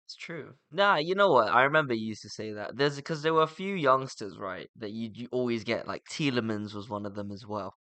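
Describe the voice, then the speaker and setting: A young man co-hosting a football podcast, upbeat and steering the chat with quick questions. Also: medium pitch, sharp tone, dry recording. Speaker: podcast co-host.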